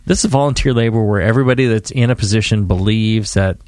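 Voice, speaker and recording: A man co-hosting a podcast in casual chat, rambling and halting with many fillers and restarts. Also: lowish voice, darkish tone, no echo, studio quality. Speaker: podcast co-host.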